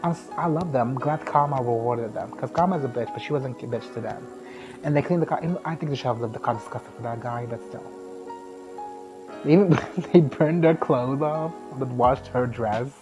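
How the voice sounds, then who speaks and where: A man's voice: mid-range voice, a little fast, music in the background. A man giving a casual, foul-mouthed movie recap, sarcastic and often laughing. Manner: crude, sarcastic, laughs often, mimics characters.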